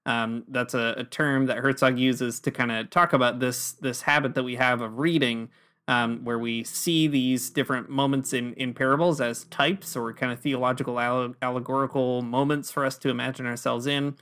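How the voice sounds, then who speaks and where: A man's voice: mid-range voice, fairly even intonation, normal speed, a bit bright, clear, resonant tone. A man co-hosting a podcast, talking through ideas thoughtfully and hedging with fillers. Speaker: podcast co-host. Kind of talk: casual discussion.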